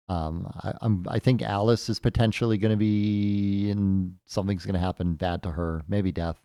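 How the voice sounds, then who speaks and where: A man's voice: lowish voice, flat delivery, moderate pace, warm tone, smooth, dry recording, studio quality. A man casually commentating as he plays a game for the first time, thinking aloud with jokey asides. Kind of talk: casual let's-play commentary.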